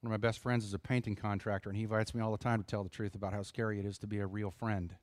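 A middle-aged man preaching a sermon in an earnest, conversational way, pausing for emphasis. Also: lowish voice, flat delivery, dry recording, studio quality. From United States. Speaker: pastor.

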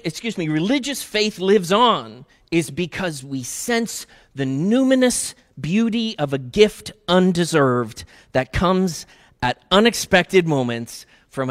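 A male pastor with a notably high voice gives a chatty, upbeat sermon. His voice rings out in a church sanctuary with a long reverb tail. Each point is framed as a story for the congregation.

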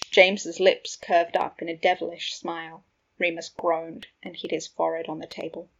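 A woman narrating a fan fiction audiobook in a steady storytelling manner. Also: fairly low pitch, normal speed, vocal fry, a little hiss or hum. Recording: dull lo-fi recording.

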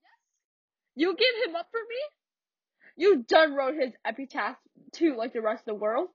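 A woman's voice: high voice, lively intonation, a little slow, no room sound, distant mic, muffled recording, voice pushed up. Woman voicing a stern old matriarch. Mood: reproachful. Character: stern older mother, head of the household.

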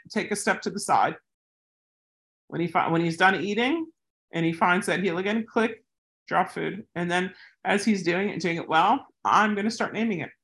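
A dog trainer giving casual training tips mixed with anecdotes, talking in a chatty way and acting out the people in the stories. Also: a bit bright. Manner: chatty, acts out quoted people with big pitch jumps.

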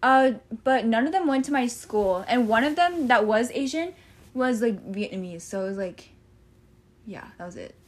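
A young woman with a high, girlish voice chats casually as one of two co-hosts. She rambles, giggles often and keeps losing her train of thought mid-sentence. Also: animated, moderate pace. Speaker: co-host. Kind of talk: casual chat.

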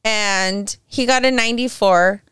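A woman's voice: mid-range voice, unhurried, fairly bright tone, clean tone, no echo, clean studio sound. A woman in her forties, a podcast co-host and mother of teenagers, telling family stories in casual chat, rambling and laughing often.

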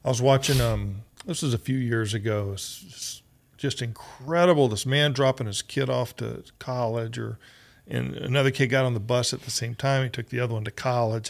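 Male podcast host, gravelly voice, teasing and quick to laugh. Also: mid-range voice, fairly even intonation. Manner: teasing, emotional, laughs often. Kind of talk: casual interview chat.

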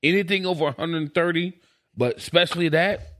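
A man's voice: fairly high pitch, fairly quick, a bit bright. A man with the hiccups in a casual podcast chat among friends, insistent and prone to repeating himself. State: has the hiccups. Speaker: podcast co-host.

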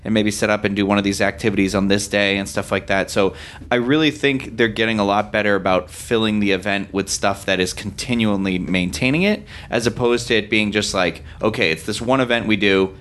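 A man with a fairly low voice chats as a podcast co-host. He sounds upbeat and talkative and often laughs between his points. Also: steady tone, a little fast, fairly bright tone. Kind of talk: casual podcast discussion.

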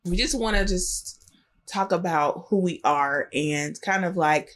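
A woman, co-hosting a podcast in lively, chatty talk. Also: on the low side, measured pace. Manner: lively, chatty, animated storytelling. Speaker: podcast co-host. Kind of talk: casual chat.

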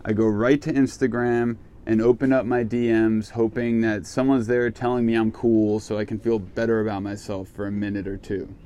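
A man's voice: fairly low pitch, level tone, normal speed, few pauses, mellow. A man giving a casual, reflective self-help monologue, candid and swearing freely. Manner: candid, swears casually, acts out his own reactions.

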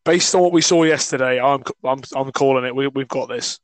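A man co-hosting a casual podcast, hoarse and croaky, talking in a chatty, matey way. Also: mid-range voice, fairly quick, no echo, rough recording. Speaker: podcast co-host. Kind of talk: casual chat about rugby.

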